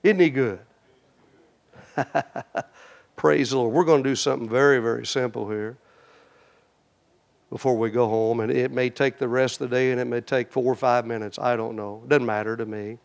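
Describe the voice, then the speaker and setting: A man preaching a sermon in a folksy way, talking straight to his congregation and swinging between loud, emphatic lines and hushed, prayerful ones. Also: mid-range voice, fairly even intonation, moderate pace, vocal fry, long pauses. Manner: folksy, addresses the congregation directly.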